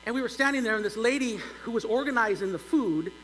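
A middle-aged male pastor telling a humorous story in a sermon, animated and building to loud exclaims. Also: extremely high pitch, fast. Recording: long church reverb, faint hum.

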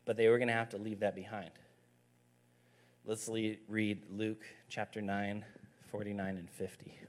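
A man's voice: on the low side, level tone, normal speed. A man in his thirties, a youth pastor, giving a conversational, emphatic sermon with stories.

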